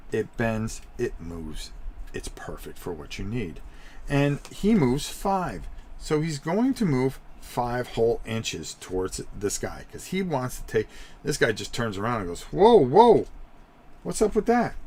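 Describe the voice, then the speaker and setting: A middle-aged man with a medium-pitched voice hosts a live stream, explaining tabletop game rules in a rambling, chatty manner and frequently repeating himself.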